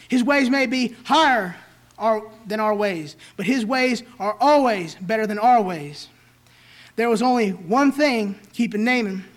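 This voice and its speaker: A man preaching a sermon in an emphatic, repetitive rhetorical style. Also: very high voice.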